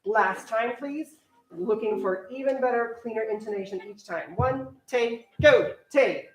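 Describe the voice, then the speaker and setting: A young woman orchestra teacher directing a string rehearsal, briskly counting off and coaching her players. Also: fairly high pitch, far from the mic, background noise. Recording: echoey room, voice from afar, strings playing.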